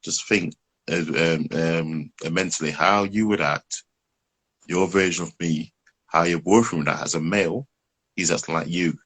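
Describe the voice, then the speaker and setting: A middle-aged man with a husky voice, rambling through relationship advice in casual chat and laughing at his own stories. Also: low voice, fairly even intonation, moderate pace, a bit bright. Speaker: podcast co-host giving relationship advice.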